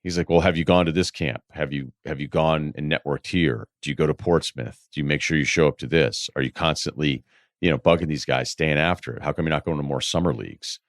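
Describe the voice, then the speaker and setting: Low voiced guy riffing life advice on a podcast, swears a lot, dry mic. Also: brisk, dry recording. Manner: rambling, blunt, swears freely. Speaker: podcast host giving advice.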